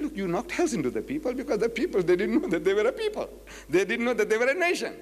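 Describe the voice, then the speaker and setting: Man, public lecture, high lively voice, acts out dialogue, long hall reverb. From South Africa. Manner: animated storytelling, acts out dialogues, slows to quote scripture. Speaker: Muslim preacher and debater.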